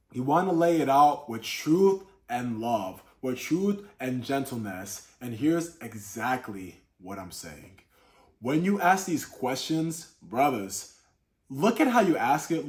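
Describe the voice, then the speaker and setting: A man's voice: on the high side, animated, a little slow, darkish tone. A man giving earnest Christian relationship advice to camera, addressing his viewers as brothers in a coaching talk. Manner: demonstrates tone of voice in examples.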